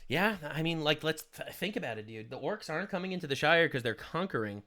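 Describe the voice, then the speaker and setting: A man's voice: on the high side, big pitch swings, fast, few pauses. A man doing sarcastic, emphatic reaction commentary as a streamer. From United States. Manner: loud, sarcastic, emphatic interjections. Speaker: streamer reacting to a political video.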